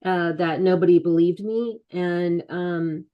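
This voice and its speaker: A woman on an interview podcast talks through her own past with many pauses and restarts. Her voice sits a little low, and she often slips into quoting the people around her. She sounds middle-aged and speaks candidly. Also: steady tone, muffled recording. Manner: soft-spoken, halting, many restarts and quoted asides. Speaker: guest, author and mental health advocate. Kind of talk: candid personal storytelling in an interview.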